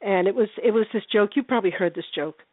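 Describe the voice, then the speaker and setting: An older woman telling a story over a thin, tinny phone line, chatty and lively, slipping into little voices for the characters. Her voice sits at a middling pitch and sounds dry and close. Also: fast, dry recording. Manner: chatty, animated, acts out voices in her stories. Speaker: paranormal investigator guest. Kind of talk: casual phone interview storytelling.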